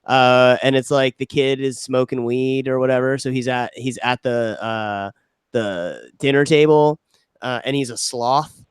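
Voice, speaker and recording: Clear-voiced man in casual podcast chat. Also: medium pitch, a little slow, dry recording, studio quality. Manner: profane, laughing, animated retelling with quoted voices. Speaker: podcast co-host.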